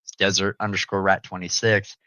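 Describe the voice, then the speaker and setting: A young man tells rambling family stories in a podcast chat, with a bright, forceful tone and a voice that sits a little low. He laughs often and leaps into loud, high-pitched voices when he quotes people. The sound is dry and close. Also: little pitch movement, fairly quick, dry recording, poor audio. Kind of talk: casual storytelling.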